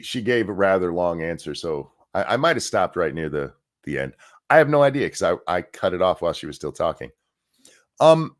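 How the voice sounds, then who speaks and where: A man hosting a casual livestream, rambling and sarcastic, swearing freely and restarting his sentences often. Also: fairly low pitch. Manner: rambling and profane, with frequent restarts. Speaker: livestream host.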